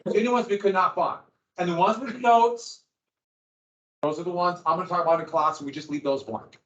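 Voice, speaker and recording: Speaking a little fast in a high, fairly bright voice, a man delivers a classroom history lecture in a relaxed, conversational style to his students. The recording has an echoey, dull lo-fi quality.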